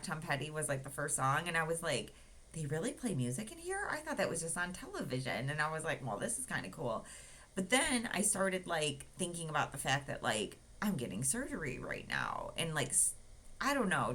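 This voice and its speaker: A woman with a low voice tells a personal story straight to camera. Her pitch swings widely as she acts out what others said. The talk is casual and loose, filled with "like" and "um". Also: a bit bright. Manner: chatty, full of "like" and "um", acts out quotes. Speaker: vlogger.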